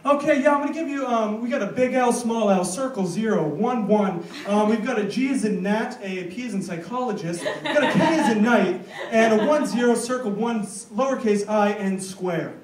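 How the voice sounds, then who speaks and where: American guy doing standup, highish voice, rambly and animated, sounds far off in an echoey noisy club. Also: normal speed, hardly any pauses. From United States. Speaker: stand-up comedian. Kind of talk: stand-up comedy set. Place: comedy club stage. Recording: roomy, distant live club recording with noise. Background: audience laughter.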